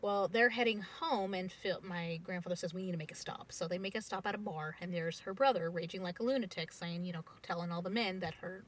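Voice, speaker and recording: A young woman casually telling a family story, animated and getting loud and excited at the dramatic parts. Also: lowish voice, fairly quick, hardly any pauses, a little hiss or hum.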